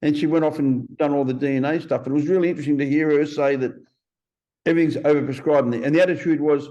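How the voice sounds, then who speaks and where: A man in his fifties, a podcast guest telling stories in a blunt, profane, animated way. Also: fairly high pitch, rapid-fire, lo-fi sound. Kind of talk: casual interview storytelling.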